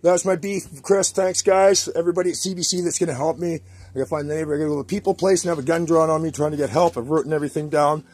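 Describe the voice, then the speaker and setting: A Canadian man with a husky, breathy voice, pitched a little high for a man. He rants to the camera in a rambling, agitated way and keeps circling back to the same complaints. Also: steady tone, quick pace, a little mellow, no room sound. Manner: agitated, rambling, repeats himself. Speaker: vlogger. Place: his home workshop.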